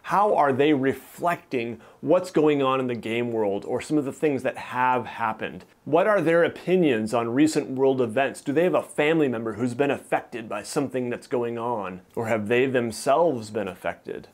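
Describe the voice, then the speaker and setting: A man's voice: medium pitch, moderate pace, few pauses. A man hosting a channel, giving casual, easygoing advice to fellow dungeon masters with a self-deprecating, chatty manner. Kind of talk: casual instructional talk to camera.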